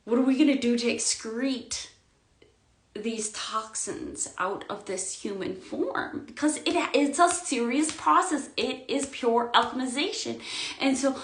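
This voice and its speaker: A woman's voice: a little high, measured pace. Emotional woman in an echoey room. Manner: intense, swings between loud outbursts and quiet murmurs. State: emotional, near tears. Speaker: spiritual vlogger. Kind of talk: emotional spiritual monologue.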